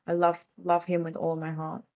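A young adult woman, a guest in a casual conversation, speaking softly and haltingly with many fillers. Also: lowish voice, completely flat delivery, lo-fi sound.

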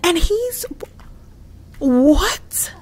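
A young woman giving casual gameplay commentary, expressive and exclaiming often as she talks to her viewers. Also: extremely high pitch, very slow. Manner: frequent laughs. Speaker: gaming channel host.

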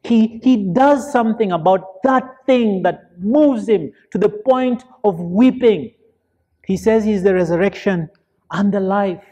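Male deacon, church Bible study; slow, deliberate delivery, emphatic, draws answers from the congregation. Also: high voice, a little mellow. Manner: asks the listeners fill-in questions; earnest, emphatic preaching.

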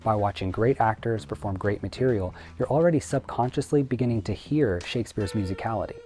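A young adult man, an acting coach, giving scripted instructional narration in a clear, measured, lightly playful tone. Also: fairly low pitch, warm tone.

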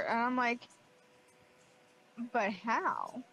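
A woman's voice: on the high side, a little slow, background noise. A woman co-hosting a let's play, chatting in a rambling way full of "like". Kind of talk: casual gaming banter.

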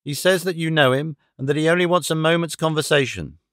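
A man's voice: fairly high pitch, fast talker, a bit bright, no room sound, studio quality, close to an everyday voice. A man voicing a polite young maid. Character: young female house maid, polite and plain.

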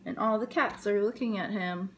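A woman educator reading a picture book aloud to young children, telling the story gently and expressively and adding sound effects. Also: medium pitch, normal speed, noisy background.

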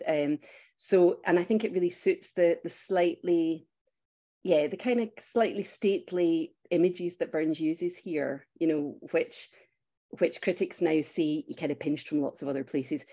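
A woman singing a slow, unaccompanied folk song over a video call. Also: low voice, fairly even intonation, mellow, muffled recording. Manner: slow, sustained singing between quick chatty asides. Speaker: singer and speaker at a literary event.

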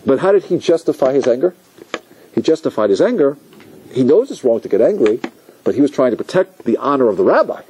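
A man's voice: mid-range voice, a little hiss or hum. A man teaching as a rabbi, giving a Torah lecture and acting out the voices and thoughts of the people in his examples. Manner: animated, acts out inner voices and quotes.

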